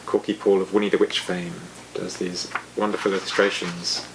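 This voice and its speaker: A man hosting a storytime, reading picture books to children in a gentle, chatty and expressive way. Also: low voice, normal speed, background noise.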